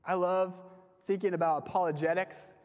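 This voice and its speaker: A young man giving a casual sermon to a campus group, talking conversationally with lots of fillers and letting his phrases trail off softly. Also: high voice, steady tone, normal speed. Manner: conversational, frequent "like" fillers, dips soft at phrase ends. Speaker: campus ministry speaker. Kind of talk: casual sermon with personal stories. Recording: long hall reverb.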